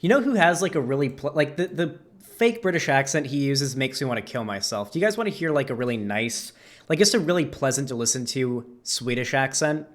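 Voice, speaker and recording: A young man ranting through a reaction video at a middling pitch. He rambles and swears freely, stacking up "like" as he goes. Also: expressive, brisk. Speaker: host. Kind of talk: profane reaction commentary.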